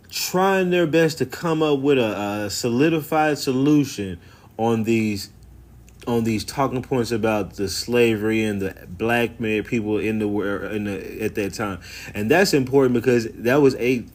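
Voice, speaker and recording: A man reacting to a video clip in loose, sarcastic commentary, full of slang and asides. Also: fairly low pitch.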